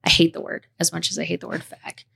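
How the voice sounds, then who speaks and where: Woman podcast host, gravelly voice, impassioned, heated, cusses. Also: fairly low pitch, completely flat delivery, fast talker, bright, forceful tone. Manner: passionate, impassioned rant with cussing.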